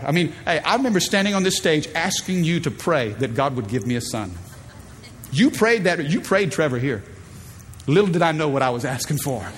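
Preacher man in his thirties, high-pitched, emphatic, drawing in the congregation; stage recording with long hall reverb. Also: a little hiss or hum. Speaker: pastor. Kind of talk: sermon. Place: church stage.

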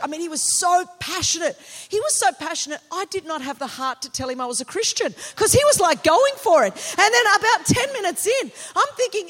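Woman pastor, from Australia, high voice, animated, shouts when preaching. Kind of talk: sermon with personal stories.

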